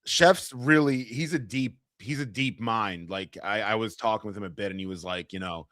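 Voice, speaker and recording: A man co-hosting a sports podcast, laid-back and chuckling as his voice trails off softly. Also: lowish voice, normal speed, no echo, clean studio sound. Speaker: podcast co-host. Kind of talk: casual sports chat.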